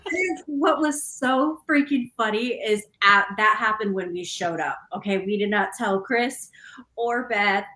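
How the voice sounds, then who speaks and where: A woman's voice: fairly high pitch, unhurried, sharp tone, roomy sound, rough recording. A woman guest telling a funny story in casual chat, laughing often as she talks.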